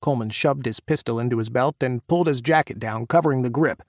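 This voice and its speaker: A man narrating an audiobook, voicing the characters' shouts during the action scenes. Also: mid-range voice, quick pace, no room sound, studio quality. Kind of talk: scripted narration.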